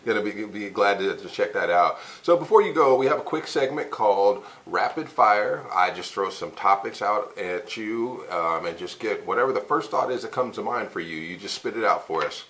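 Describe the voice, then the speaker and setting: A man hosting a casual interview show, upbeat, firing quick questions and laughing along. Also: on the low side, animated, a bit bright. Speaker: talk show host.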